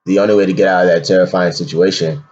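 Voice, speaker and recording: A filmmaker explaining his film in a slow, rambling, slangy way full of fillers. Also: low-pitched, fairly even intonation, darkish tone, highs cut off, a little hiss or hum. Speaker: independent filmmaker.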